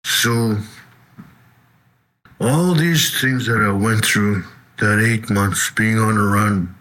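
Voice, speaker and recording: Slow, bright-voiced man telling his story. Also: on the low side, rough recording. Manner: halting, conversational, with tag questions like "you know" and "eh". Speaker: person giving a testimony. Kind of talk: personal testimony storytelling.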